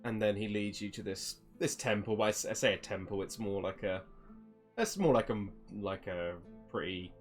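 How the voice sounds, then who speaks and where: A man narrating a tabletop game as game master, hesitant and full of fillers. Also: on the low side.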